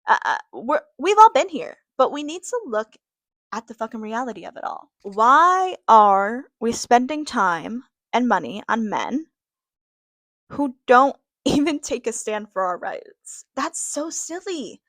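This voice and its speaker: A woman's voice: fairly high pitch, very animated, a little slow, no echo, clean studio sound. A young adult woman hosting a podcast, ranting candidly, swearing freely, laughing and talking straight to her viewers. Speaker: podcast host. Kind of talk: casual opinion rant.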